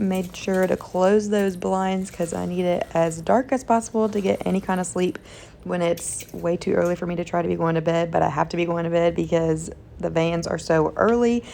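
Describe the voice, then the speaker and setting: A woman's voice: mid-range voice, creaky, mellow. A young woman, a flight attendant, chatting casually through her travel vlog with lots of "like" fillers and an upbeat tone. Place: hotel room and crew travel.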